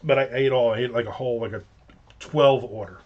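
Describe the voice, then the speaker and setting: A man's voice: medium pitch, brisk, a little mellow. A middle-aged man hosting a casual livestream from home, rambling through stories with jokey asides. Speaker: livestream host. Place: at home with windows open. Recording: slightly dull lo-fi sound.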